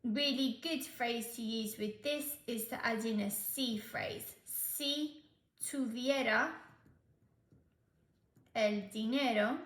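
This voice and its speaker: A woman's voice: on the high side, slow pace, fairly bright tone. Patient woman teaching Spanish, roomy sound. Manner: patient, explains step by step, checks in with "okay?". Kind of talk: exam tutorial.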